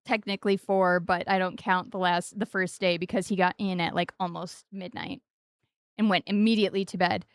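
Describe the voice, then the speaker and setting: A woman in her forties chatting casually while streaming a game, playful and jumping into high sing-song stresses on odd syllables, close to the mic. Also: steady tone, normal speed, clear, resonant tone, dry recording. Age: 40s.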